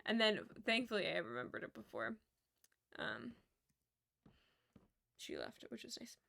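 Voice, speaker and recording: Creaky-voiced young woman streamer. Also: medium pitch, big pitch swings, measured pace, a bit bright. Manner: mutters and counts under her breath, chatty storyteller. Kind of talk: casual chat while building in a game.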